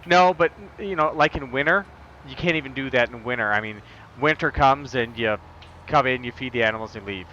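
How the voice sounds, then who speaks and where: A man's voice: mid-range voice, a little fast, bright, forceful tone, lo-fi sound, slight background noise. Rambling, jokey male game streamer. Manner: rambling, jokey, with frequent fillers. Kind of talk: casual gameplay chat.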